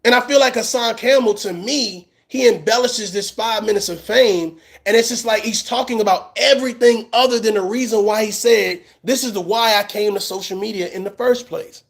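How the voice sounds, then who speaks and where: A man's voice: high-pitched, moderate pace, hardly any pauses. A man giving casual reaction commentary, mocking and slangy, often breaking into laughter. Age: middle-aged.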